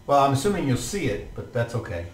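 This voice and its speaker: A man narrating as game master for a tabletop game, in a relaxed, hesitant way. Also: medium pitch, quick pace. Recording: roomy echo, distant mic.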